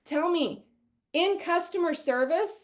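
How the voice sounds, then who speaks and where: A high-pitched woman from Wisconsin leads a sales training webinar. She talks in a chatty, energetic way and often slips into quoting customers. She sounds middle-aged. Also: a little slow.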